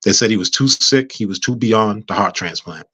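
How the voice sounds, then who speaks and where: A man telling a personal story in casual chat, animated, acting out dialogue with frequent stammers and restarts. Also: lowish voice, normal speed, breathy edge, dry recording. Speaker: guest.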